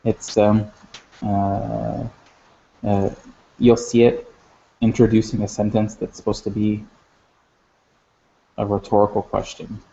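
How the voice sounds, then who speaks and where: A man with a low, gravelly voice explains grammar in a recorded lesson. He talks in a flat, halting way, full of fillers and restarts, and the sound is dull and lo-fi. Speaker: language teacher.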